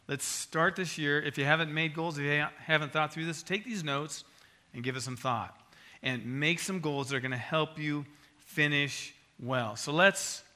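A man's voice: on the high side, sharp tone. A male pastor preaching a sermon and closing in prayer, driving points home with repeated phrases and sudden swells in volume. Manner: emphatic, repetitive exhortation with sudden swells in volume.

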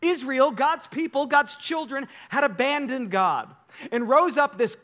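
A man pastor telling stories in an animated sermon. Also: extremely high pitch, a little slow. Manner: animated storytelling.

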